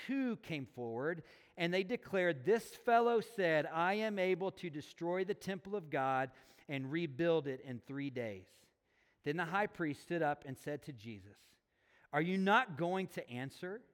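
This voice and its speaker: A man with a fairly high voice preaches a sermon, moving from scripture reading into earnest, emphatic appeals. His voice rings through a large hall with a long, lingering reverb. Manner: earnest, building to emphatic intensity.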